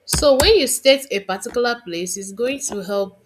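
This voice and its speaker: A woman's voice: on the high side, animated, moderate pace, noisy background. A woman instructor giving a screen-recorded tutorial, thinking aloud and muttering to herself as she works.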